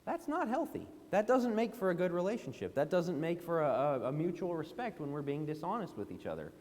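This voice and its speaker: A man's voice: a little high, sing-song, fairly quick, darkish tone. Emphatic man preaching in an echoing hall. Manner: emphatic, rising to indignant questions. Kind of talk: sermon. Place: church auditorium. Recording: long hall reverb.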